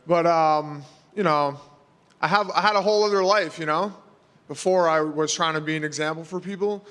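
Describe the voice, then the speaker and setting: A man's voice: on the high side, moderate pace, fairly bright tone, in a large hall. A man, answering press questions in a casual, rambling way full of fillers. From New York. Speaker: fighter.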